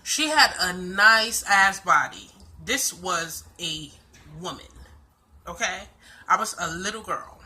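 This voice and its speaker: A woman's voice: fairly low pitch, lively intonation, takes it slowly, pushed and bright. A young woman from the Bronx with a New York accent, telling a personal story to camera in a blunt, profane, slang-heavy way. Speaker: vlogger.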